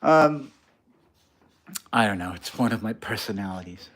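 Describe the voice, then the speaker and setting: A man's voice: lowish voice, animated, measured pace, a bit bright, a little hiss or hum. A man talking casually on a livestream from his garage workshop, rambling and frank, often laughing at himself. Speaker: livestream host, maker.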